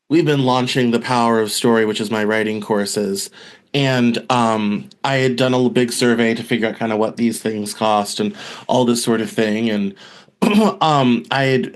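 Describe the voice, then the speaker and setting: A man hosting a podcast, talking casually with frequent restarts and hesitations. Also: medium pitch. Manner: hesitant, many restarts and fillers. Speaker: podcast host.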